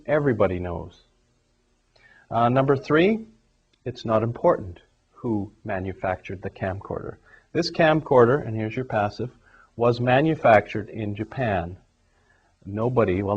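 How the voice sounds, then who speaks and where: Male English teacher, steady explanatory delivery, middle pitch, dull lo-fi recording. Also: moderate pace, breathy edge. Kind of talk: grammar lesson.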